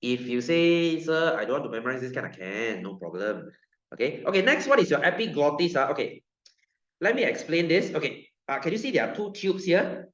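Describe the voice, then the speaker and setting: Malaysian guy teaching science, animated up-and-down voice, keeps quizzing the kids, echoey classroom, kinda muffled. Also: fairly high pitch, normal speed. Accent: Malaysian English. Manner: lively, joking, repeats himself, tosses questions at students. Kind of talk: classroom lecture. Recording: roomy classroom, dull lo-fi sound.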